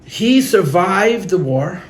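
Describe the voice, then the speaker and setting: Earnest rabbi telling heartfelt stories. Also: male voice, high voice, animated, slow, a little hiss or hum. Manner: earnest, heartfelt storytelling with repeated words; sprinkles in Yiddish and Hebrew terms. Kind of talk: storytelling talk at a gathering. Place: room with listeners.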